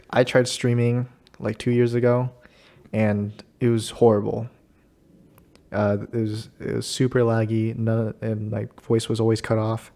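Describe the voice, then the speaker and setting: A man's voice: on the low side, monotone, measured pace, dark tone. A man hosting a casual chat with a friend, easygoing and laughing often. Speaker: host.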